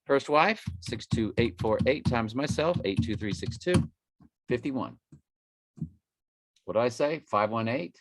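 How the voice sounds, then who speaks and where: A man's voice: mid-range voice, animated, measured pace, long pauses, background noise. A middle-aged man, rambling through a prophecy monologue as an online preacher and jumping between numbers and scripture.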